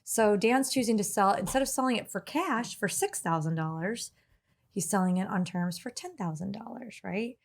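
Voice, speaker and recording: Earnest, mid-pitched woman co-hosting a podcast. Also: lively intonation, moderate pace, creaky. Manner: earnest, laughs easily. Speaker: podcast co-host. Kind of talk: casual business podcast chat.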